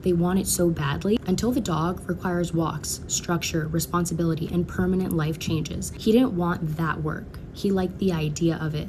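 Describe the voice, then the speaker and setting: Woman, fairly low voice, frank casual opinion talk, quick asides, noisy clip. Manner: frank, conversational, hedges with asides. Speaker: social media creator. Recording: clip with noticeable noise.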